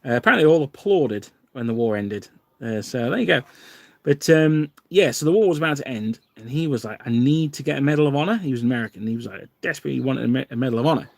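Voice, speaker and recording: A man's voice: medium pitch, animated, fast, vocal fry, dry recording. A man hosting a livestream, chatting casually and rambling with many fillers and restarts. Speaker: wargaming channel host.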